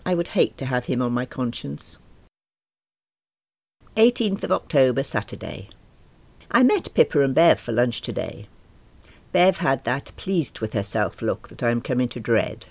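A woman's voice: a bass voice, big pitch swings, normal speed, long pauses, darkish tone. A middle-aged woman, reading a first-person audiobook in a wry, self-deprecating manner. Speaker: audiobook narrator.

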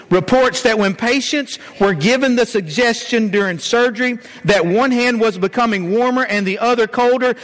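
In a church sanctuary, a Georgian preacher delivers his sermon like a folksy storyteller, dropping plenty of "uh"s. The voice is high and a little bright, carried by a long church reverb.

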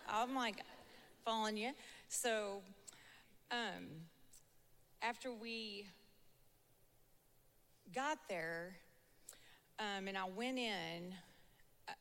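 A woman's voice: medium pitch, drawn-out words, pauses often, a bit bright. A woman with a Southern accent, a church member telling her testimony in a chatty way, laughing often. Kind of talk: casual storytelling testimony. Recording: long hall reverb.

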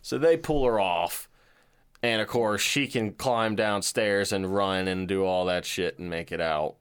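A man's voice: fairly low pitch, unhurried, clear, resonant tone. A man co-hosting a casual podcast chat, retelling a movie plot in a loose, profane way and acting out quotes. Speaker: podcast co-host.

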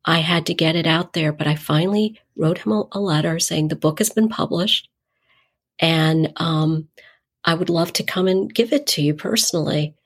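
A woman's voice: sits low, moderate pace, husky. A middle-aged woman, a nonprofit founder, telling stories in an interview and animatedly acting out the dialogue in her anecdotes. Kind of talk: conversational storytelling.

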